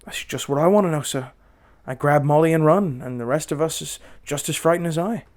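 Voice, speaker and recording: Nervous young cockney bellboy read by a man, higher pitched and deferential, audiobook. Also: fairly quick, natural voice. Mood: frightened. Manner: dropped grammar, deferential "sir" after every phrase. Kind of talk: audiobook character voice.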